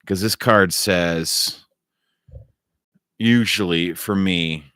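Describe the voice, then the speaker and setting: A man's voice: low voice, drawn-out words, pushed and bright, clean tone, no room sound, studio quality. A man rambling through a solo monologue, wandering and repeating himself and swearing casually. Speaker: vlogger.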